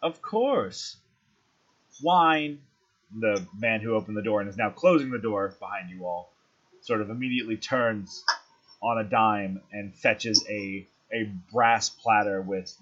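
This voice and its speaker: A man narrates a tabletop game as the game master, pausing often and circling back mid-sentence. His voice is husky. The recording sounds dull and lo-fi. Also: lowish voice, fairly bright tone. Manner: halting, filler-laden narration.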